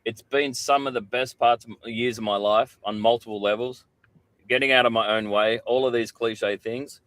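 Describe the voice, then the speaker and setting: A man's voice: mid-range voice, fairly even intonation, moderate pace, a bit bright, no echo. A middle-aged Australian man, a podcast guest, telling candid stories in casual chat and swearing freely.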